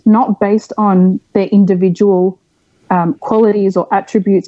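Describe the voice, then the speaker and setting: A woman's voice: medium pitch, dark tone, no room sound, highs cut off. A young woman from Australia, a podcast guest, speaking frankly and at length in a candid interview, with many fillers.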